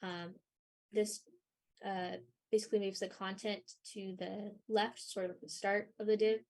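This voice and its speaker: A young woman leading a live coding workshop, talking through her screen with many ums and pauses, her voice a little worn. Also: mid-range voice, flat delivery, a little mellow. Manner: hesitant, many ums and sort ofs. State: losing her voice a bit. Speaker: workshop instructor.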